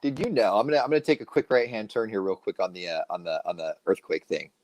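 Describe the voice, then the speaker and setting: A co-host chatting on a video call from home, telling stories in a rambling, animated way with many restarts. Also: deep voice, fast talker, dry recording. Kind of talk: casual live-stream chat.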